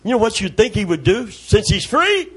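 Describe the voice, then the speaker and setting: A middle-aged man preaching a sermon, calling out to the congregation and breaking into loud shouts as he tells stories. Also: sits high, sing-song, moderate pace, slightly rough. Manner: call-and-response preaching, calls for amen, storytelling, sudden shouts.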